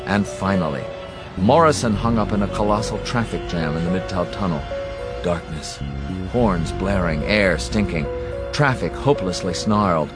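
Deep voiced guy reading a story, calm and dry, music going under him. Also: normal speed. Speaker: narrator. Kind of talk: audiobook narration.

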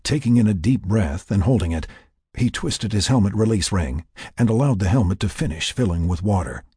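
This is scripted narration of a tense tale, delivered by a man whose low voice has a raspy edge and a mellow quality. He keeps a measured pace while his intonation rises and falls dramatically and stays lively, all captured dry and up close without any room echo.

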